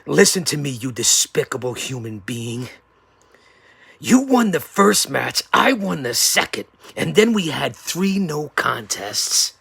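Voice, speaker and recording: Gravelly, theatrical hype-promo man. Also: fairly high pitch, big pitch swings, slow pace, dry recording. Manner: theatrical, swinging from yelling to hushed threats. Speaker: show host. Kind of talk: wrestling-style hype promo.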